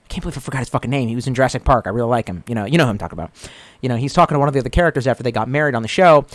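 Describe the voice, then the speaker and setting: A man's voice: medium pitch, rapid-fire, dry recording. A man streaming live, reading viewers' comments and rambling casually with lots of swearing. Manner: profane, rambling, retells jokes with put-on voices. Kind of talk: casual chat.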